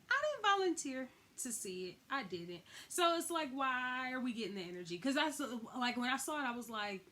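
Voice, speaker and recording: Young woman, casual TV recap host, AAVE lilt, fairly high voice, animated retelling. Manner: chatty, animated, heavy use of "like", acts out quotes.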